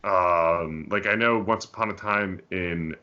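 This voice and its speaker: A man's voice: low-pitched, measured pace, sharp tone, muffled recording. A man co-hosting a film podcast, talking casually and often restarting his sentences. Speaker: podcast co-host. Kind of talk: casual chat.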